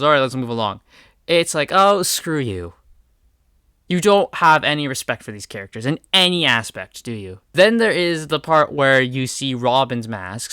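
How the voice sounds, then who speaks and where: A man's voice: medium pitch, sharp tone, no echo, clean studio sound. Heated, emphatic man ranting on video. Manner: heated, emphatic, repeats words for stress. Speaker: video commentator.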